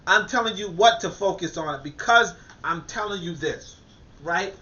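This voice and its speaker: High, bright-voiced man on a lo-fi podcast. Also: animated, moderate pace. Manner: emphatic, repetitive, lots of fillers and restarts. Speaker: podcast host. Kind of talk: casual motivational podcast talk. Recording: dull lo-fi recording.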